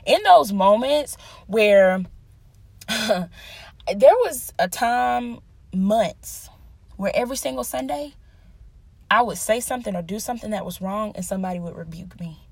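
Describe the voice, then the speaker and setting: A young woman teaches a devotional lesson in an earnest, chatty way, weaving in her own stories with a self-mocking laugh. Her voice has a gravelly fry and a husky edge, and it sounds dry and close. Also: medium pitch, lively intonation, a little slow, pauses often, darkish tone, no room sound. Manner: earnest, conversational, laughing at herself. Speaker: Bible teacher.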